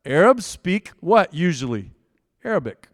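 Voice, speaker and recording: Guy preaching a sermon, kinda high voice, chatty and jokey, big hall echo behind him. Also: big pitch swings, unhurried, clean studio sound. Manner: conversational, joking, dynamic swings in pitch and loudness. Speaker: pastor.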